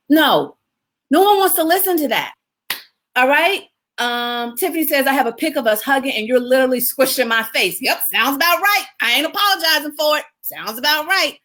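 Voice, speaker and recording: A woman with a slightly high voice hosts a casual live stream. She talks with a lively, expressive manner, laughs easily and chats with her viewers as she coaches them. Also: moderate pace. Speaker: publicist hosting a live video.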